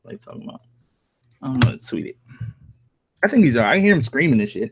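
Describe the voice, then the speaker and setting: Live-streaming from home, a horror story narrator with a medium-pitched, creaky voice talks very animatedly and fairly quickly, pausing often, with no room sound. He mixes a New Jersey accent with Southern country, reading and answering viewer comments in loose, profane chat punctuated by chuckles.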